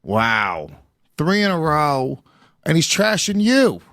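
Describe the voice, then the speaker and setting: A man co-hosting a podcast in casual chat, teasing and excitable, reading out news items. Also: a little high, slow pace, dry recording, clean studio sound. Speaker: podcast co-host.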